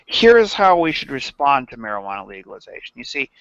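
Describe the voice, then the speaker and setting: A man hosting a livestream in casual satirical chat, halting and rambling with many restarts. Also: medium pitch, very animated, a bit bright, highs cut off, slight background noise. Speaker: livestream host.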